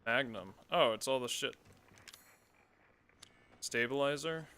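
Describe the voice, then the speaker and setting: A man's voice: medium pitch, takes it slowly, sharp tone, smooth. A man streaming a horror game, giving casual commentary full of swearing and sarcastic reactions.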